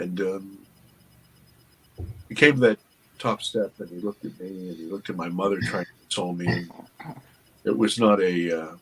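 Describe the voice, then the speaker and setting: A man, an interview guest, earnestly telling a personal story with halting restarts. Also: low voice, a little hiss or hum, rough recording. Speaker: interview guest, documentary producer.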